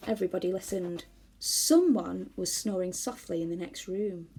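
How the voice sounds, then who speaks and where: A woman reading a children's novel aloud to schoolchildren, expressive and animated. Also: on the low side, moderate pace, a little hiss or hum. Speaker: storyteller for schoolchildren.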